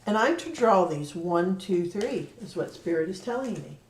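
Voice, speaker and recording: A woman giving a spiritual card reading, talking in an earnest, gently encouraging way. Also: fairly low pitch, lively intonation, moderate pace, slight background noise. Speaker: card reader. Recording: roomy echo, voice from a distance.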